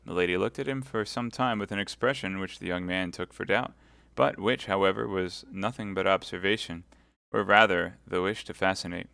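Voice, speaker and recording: A man reading a classic novel aloud live, in a measured, expressive way. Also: deep voice, vocal fry, smooth, no room sound. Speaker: audiobook reader.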